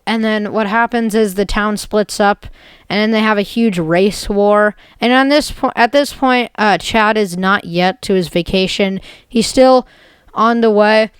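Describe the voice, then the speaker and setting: A woman's voice: mid-range voice, unhurried, clean tone, no echo. A woman retelling an absurd made-up story in a rambling, jokey way, full of "basically" and "like". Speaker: video creator.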